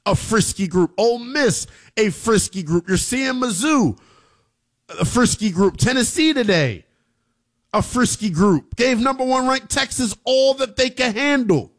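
A man hosting a sports talk radio show, emphatic and slangy, with an excitable delivery. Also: very high-pitched, measured pace.

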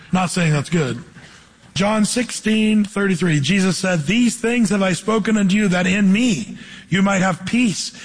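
A middle-aged male pastor preaching a sermon, quoting scripture and acting out voices with animated delivery. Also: sits high, in a large hall, poor audio.

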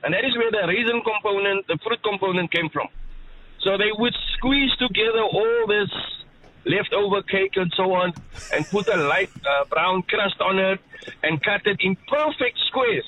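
A man's voice: high voice, moderate pace, slight background noise. A man, calling in from his car and telling a story in a chatty, laughing way. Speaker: caller. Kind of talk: casual phone-in chat. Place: car while driving. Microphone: phone line. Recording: muffled phone line from a car.

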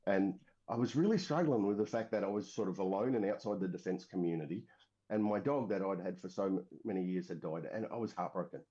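A man's voice: low-pitched, quick pace, dark tone. A man with an Australian accent, a military veteran, telling a long story casually in an interview, full of fillers and restarts. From Western Australia. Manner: rambling, frequent fillers and restarts. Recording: dull lo-fi audio.

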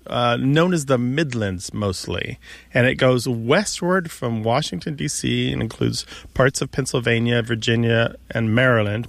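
A man's voice: medium pitch, creaky, dry recording. A man co-hosting a radio talk show, patiently explaining how words are used. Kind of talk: casual explanatory radio chat. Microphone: studio microphone.

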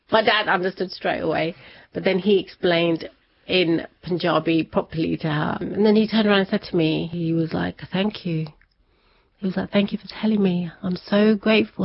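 A woman's voice: lowish voice, creaky. A woman telling a personal story in conversation, chatty, laughing often and acting out what people said. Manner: chatty, laughs often, acts out quoted voices. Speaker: interview guest. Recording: dull lo-fi sound.

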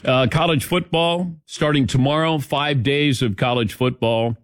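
A man's voice: mid-range voice, steady tone, measured pace, no room sound, clean studio sound. A middle-aged man hosting sports radio, chatting casually and telling stories with frequent laughs. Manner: chatty, storytelling, laughs often. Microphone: studio mic.

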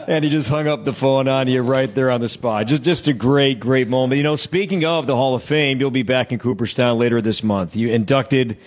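A man's voice: mid-range voice, fairly quick, hardly any pauses, highs cut off. A man hosting an interview, asking friendly leading questions and recapping the guest's stories. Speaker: broadcaster and interviewer.

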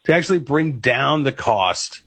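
Male radio host, mid-pitched, hesitant, many false starts, dry close studio sound. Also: animated, fairly bright tone, slightly rough, dry recording. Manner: halting, with many fillers and restarts. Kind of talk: interviewing a guest.

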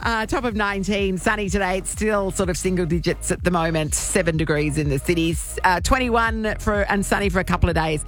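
A man with an Australian accent hosting breakfast radio, upbeat and quick to laugh. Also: sits high, fairly even intonation, fairly bright tone, soft background music. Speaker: radio host.

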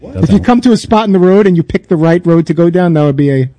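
A man's voice: fairly high pitch, lively intonation, quick pace, dark tone. A man with a Brooklyn accent, co-hosting a radio show with playful, punning banter.

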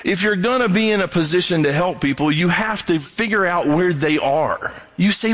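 A middle-aged man delivers a sermon with a fairly high voice. He talks in a casual, conversational way and slips into other voices whenever he quotes someone. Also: expressive, normal speed, few pauses, a bit bright. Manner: conversational, acts out quoted voices in a raised pitch. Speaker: pastor.

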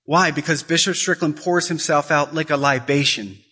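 A man delivers an impassioned sermon in a bright, forceful voice that sits a little high. He acts out quoted conversations as he preaches. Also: moderate pace, slightly rough. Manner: emotional, rising to high-pitched pleading.

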